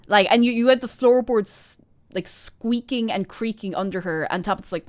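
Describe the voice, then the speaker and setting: A woman streaming a video game, spinning rambling, excited jokey stories. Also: medium pitch, brisk. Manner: excited, rambling, laughing asides.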